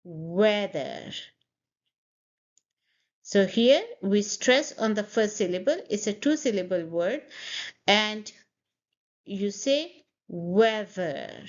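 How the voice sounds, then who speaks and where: Female teacher, slow, drills pronunciation word by word; muffled lo-fi recording. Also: medium pitch, lively intonation. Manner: slow, repeats words for students to copy. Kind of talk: pronunciation lesson. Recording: dull lo-fi audio.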